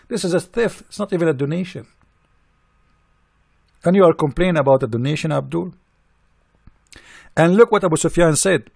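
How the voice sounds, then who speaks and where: A man's voice: on the high side, lively intonation, moderate pace, gravelly, pauses often, darkish tone, husky, no echo, studio quality. A man delivering a heated polemical monologue, indignant and mocking, firing off rhetorical questions in non-native English. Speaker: religious critic.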